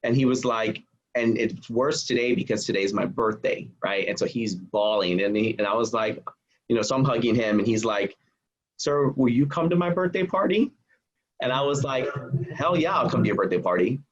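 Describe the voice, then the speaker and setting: A man telling personal stories as a guest on a podcast, animated, acting out what people said and laughing often. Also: medium pitch, moderate pace, husky. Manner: animated storyteller, acts out quotes, laughs often. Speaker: guest speaker and author. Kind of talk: storytelling in a podcast interview. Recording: dull lo-fi podcast audio.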